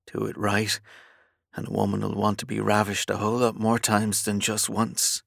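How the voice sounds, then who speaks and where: A man's voice: on the low side, monotone, normal speed, creaky, fairly bright tone, no room sound, studio quality. Male reader as a bold young Englishwoman, pleading urgently in an audiobook romance. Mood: yearning.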